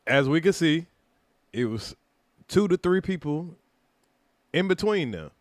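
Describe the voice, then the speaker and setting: A man's voice: on the high side, lively intonation, unhurried, no echo. A man hosting a commentary show who breaks in with wry remarks about the story. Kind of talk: casual commentary.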